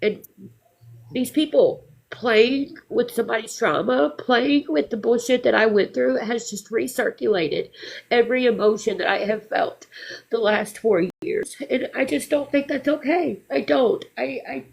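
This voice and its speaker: A woman's voice: a little high, a little slow, vocal fry, husky. A woman hosting a phone livestream, emotional and close to tears but defiant. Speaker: livestream host. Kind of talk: emotional live chat.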